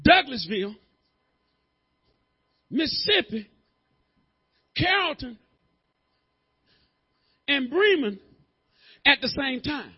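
A male pastor preaching a sermon, talking casually with the congregation, then building to shouted, sung-out preaching. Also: extremely high pitch, big pitch swings, takes it slowly, pauses often, muffled recording. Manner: conversational, calls on congregation members. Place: church.

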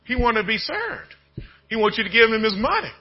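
A pastor preaches a sermon in a folksy, conversational style, sinking to low murmurs before building to shouted bursts. He is very animated and brisk, his voice has a breathy edge, and the sound is lo-fi.

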